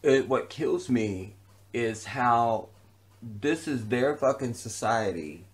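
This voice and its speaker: Taking his time, a vlogger with a medium-pitched, lively voice launches into an unscripted tirade, angry and profane, repeating a phrase over and over to make it land.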